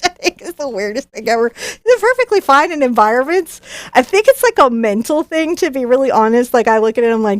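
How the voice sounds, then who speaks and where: A woman's voice: on the high side, very animated, quick pace, no room sound. A woman artist hosting a live unboxing stream, chatty and bubbly, often restarting her sentences. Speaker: professional artist and channel host.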